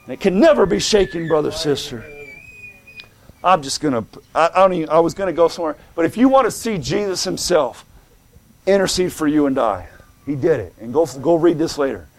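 A male preacher giving a fervent sermon, calling out to the congregation and swinging between shouting and hushed tones. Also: fairly high pitch, expressive, fairly quick.

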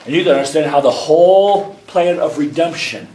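A man preaching a sermon, building up to fervent, high shouts. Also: a little fast. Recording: echoey church room.

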